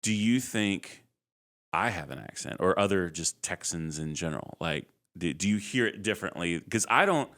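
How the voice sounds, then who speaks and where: A man co-hosting a podcast in easy conversation. His voice is very deep yet swings around a lot, animated and quick to laugh. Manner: warm, animated, laughs often. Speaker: podcast co-host. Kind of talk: casual chat.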